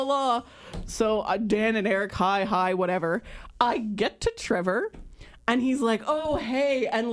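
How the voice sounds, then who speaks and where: A woman in her thirties co-hosting a podcast, telling a story in a lively, casual way and acting out what other people said. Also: medium pitch. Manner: lively storyteller who acts out quoted voices. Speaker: podcast co-host.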